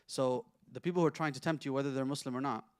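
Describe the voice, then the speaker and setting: A man teaching a Quran class who speaks at a brisk, rapid clip. He keeps the lesson conversational, throwing questions out to his listeners and running through Arabic verses quickly. His voice sits at an ordinary middle pitch. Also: fairly even intonation, clean tone, no room sound, clean studio sound. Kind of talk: interactive religious lesson.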